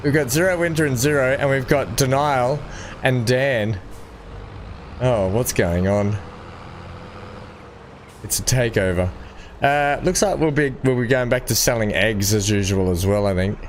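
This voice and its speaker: A man's voice: medium pitch, measured pace, pauses often, a little hiss or hum. A young man hosting a farming game livestream, chatting with viewers and laughing often. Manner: chatty, laughs often while reading chat. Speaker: gaming livestream host. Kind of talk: casual chat with live viewers.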